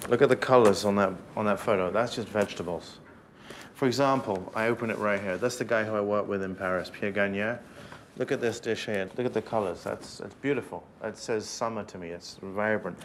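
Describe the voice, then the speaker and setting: Intense, profane chef, noisy kitchen. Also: male voice, fairly low pitch, steady tone, fairly quick. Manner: intense, profane, barking orders. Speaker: head chef. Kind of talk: documentary interview and kitchen shouting. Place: restaurant kitchen.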